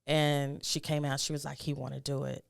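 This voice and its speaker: A woman's voice: little pitch movement, a little fast, gravelly, smooth, no echo, clean studio sound. A middle-aged woman, a guest, telling a personal story and acting out the dialogue in it, her voice rising with emotion. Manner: emotional, acts out quoted dialogue with rising pitch.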